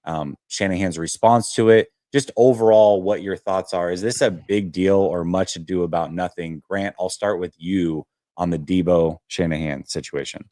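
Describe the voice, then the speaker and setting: A man hosting a casual sports talk show, telling a story with lots of fillers and animated detail. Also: low-pitched, normal speed, dry recording, clean studio sound. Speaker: host.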